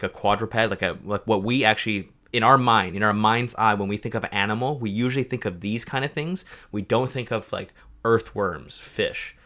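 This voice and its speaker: Bright-voiced man rambling through self-corrections. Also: on the low side. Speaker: project co-creator presenting a map. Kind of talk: livestream chat explaining a map.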